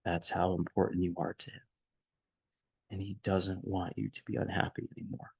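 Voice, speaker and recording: A man quoting a kind woman psychic who comforts a stranger, in a soft, hushed manner. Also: sits low, completely flat delivery, moderate pace, creaky, slightly rough, no echo, pitched below the performer's own voice, exaggerated voice. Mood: soothing. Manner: soft, soothing, hushed retelling.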